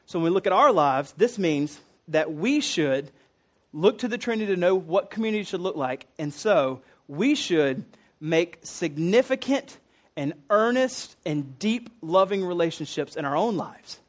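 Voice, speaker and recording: A man with a high-pitched voice delivering a sermon. He talks conversationally and earnestly, dropping casual asides and fillers as he explains his points. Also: lively intonation, a little slow. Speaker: preacher.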